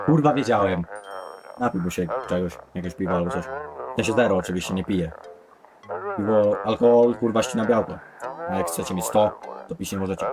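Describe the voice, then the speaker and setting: Fast-talking Polish-accented man gaming. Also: fairly low pitch, crowd noise. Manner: casual, swearing, reads dialogue aloud. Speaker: gamer. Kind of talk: let's play commentary.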